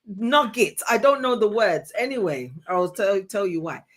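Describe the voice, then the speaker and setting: Animated woman telling a story. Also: medium pitch, unhurried. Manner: animated storyteller, acts out quotes. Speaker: co-host, pastor's wife. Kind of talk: casual chat with storytelling.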